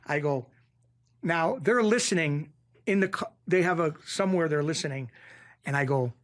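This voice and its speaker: A middle-aged man from New talks in a voice pitched a touch high for a man. He tells his stories in an animated, rough street way and often repeats himself. He sounds like a podcast guest deep in casual talk. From Springfield, Massachusetts. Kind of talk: casual storytelling.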